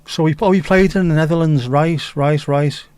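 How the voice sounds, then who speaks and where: A livestream host from England talks at a moderate pace in a slightly high voice that is darkish, clear and resonant, with a steady tone. He chats casually, reads viewer comments aloud and adds rambling, jokey remarks with plenty of swearing. There's no echo on the recording.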